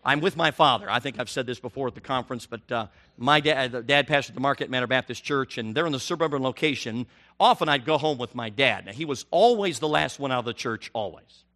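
A middle-aged man preaching a sermon, animated and rising to near shouts on his emphatic questions. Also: mid-range voice, fast talker.

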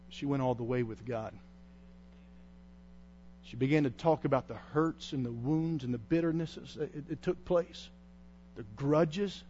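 Male evangelist, high voice, fervent pulpit delivery with bursts of shouting; muffled lo-fi audio. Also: slight background noise. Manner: impassioned, rising to shouts. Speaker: traveling evangelist preacher. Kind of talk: sermon.

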